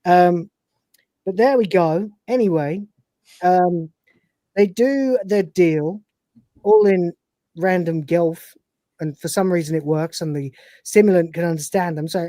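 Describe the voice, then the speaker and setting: Woman co-host, casual and swearing, lowish pitch, dry close mic. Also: unhurried, long pauses, mellow, no echo. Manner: rambling, profane and chatty, acting out scenes. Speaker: podcast co-host. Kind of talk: casual live-stream episode recap.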